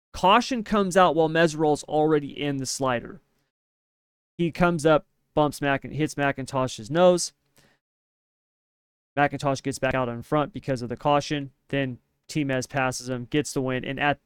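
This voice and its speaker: A man's voice: a little high, clear, resonant tone, no echo, studio quality. A man co-hosting a podcast in casual opinion chat, emphatic and ranting, often tagging his points with "right?". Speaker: podcast co-host.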